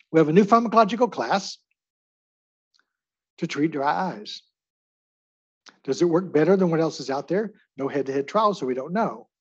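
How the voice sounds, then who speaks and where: Husky man lecturing on drugs. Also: on the high side, muffled recording. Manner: chatty, asks the audience for hand votes. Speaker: pharmacy lecturer. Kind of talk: lecture to a live audience.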